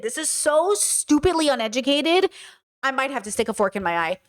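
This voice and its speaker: A woman's voice: high-pitched, big pitch swings, fairly quick. A young woman hosting a reaction stream, ranting and exasperated, swearing as she comments on a video.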